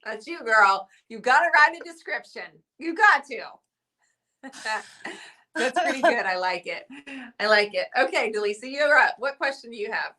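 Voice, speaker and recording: A bright, lively woman hosting a casual live chat, her voice a little higher than most. She talks freely and laughs often, calling people honey and babe. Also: normal speed. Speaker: host of a live online chat show.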